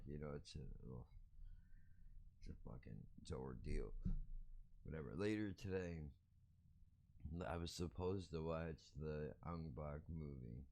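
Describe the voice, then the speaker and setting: A man's voice: sits low, moderate pace, darkish tone, slight background noise. A man hosting a podcast, giving a blunt, profane, ranting monologue. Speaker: podcast host.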